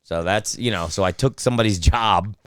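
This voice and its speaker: A man's voice: lowish voice, fairly quick, a bit bright, smooth, dry recording, clean studio sound. A man who is a comedian and voice actor, telling stories in casual podcast chat with lots of swearing and fillers. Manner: storytelling, profane, lots of fillers. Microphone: studio microphone.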